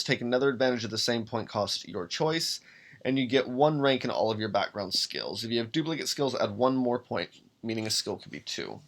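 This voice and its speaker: Solo podcast host, man, mid-pitched, hesitant think-aloud delivery. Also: vocal fry, a bit bright. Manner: thinking aloud, many ums and restarts. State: has the hiccups. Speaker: podcast host making a character. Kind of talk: casual solo walkthrough.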